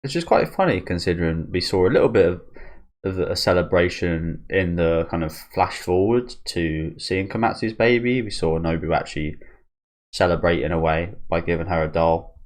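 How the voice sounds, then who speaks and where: A young man with a very low, deep voice gives loose, chatty commentary as he reacts to a manga. He swears freely and mulls things over aloud, often stopping to restart a thought. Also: moderate pace.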